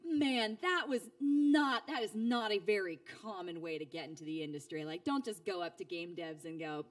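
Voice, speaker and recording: Heard from a distance at a moderate pace, a voice actor in her thirties tells stories as an interview guest in a relaxed setting. Her chatty, animated style includes plenty of fillers and restarts, and quoted speech gets acted out with big pitch jumps.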